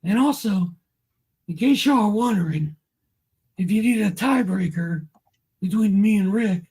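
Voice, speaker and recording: A man co-hosts a casual fantasy basketball podcast as the analyst, giving blunt opinions in an emphatic, slangy way. His voice is high-pitched, slightly rough, and darkish in tone, and he speaks unhurriedly.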